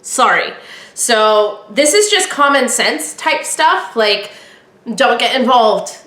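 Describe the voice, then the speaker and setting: A woman hosts a casual solo podcast, chatty and opinionated as she acts out old conversations. Her voice sits a little high and sounds bright. The room gives it a noticeable echo. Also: lively intonation, takes it slowly. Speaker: podcast host.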